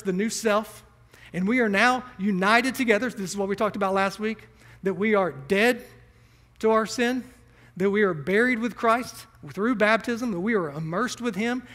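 A man's voice: high voice, fairly bright tone. A male pastor preaching a sermon, building emphasis and asking the congregation rhetorical questions.

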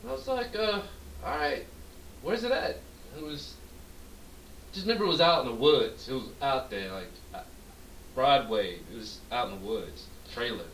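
With a medium-pitched voice, a moderate pace and long pauses, a podcast co-host tells a long, profane story in a drunk storytelling chat. He's animated and acts out the dialogue; the recording has an echoey room, a distant mic and faint hiss.

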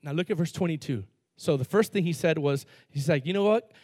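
A man preaching a sermon as lead pastor, emphatic, with sudden loud bursts and slowed-down words for stress. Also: fairly high pitch, no echo, clean studio sound.

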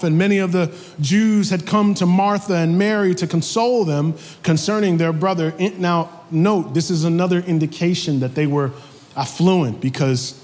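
A young man preaching a sermon with comic storytelling, lively and animated. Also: high voice. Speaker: pastor. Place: church sanctuary. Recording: echoey hall.

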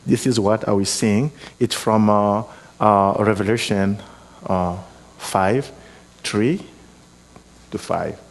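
A man with a foreign accent preaching a sermon, earnest and exhorting, often pausing with hesitations and restarting his words. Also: lowish voice, vocal fry. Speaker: guest preacher.

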